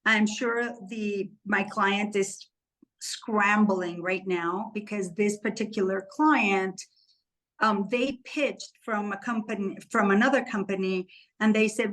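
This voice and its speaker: A woman's voice: medium pitch, unhurried, a bit bright, rough recording. A woman co-hosting a podcast, telling a candid and emotional personal story in casual chat. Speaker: podcast co-host.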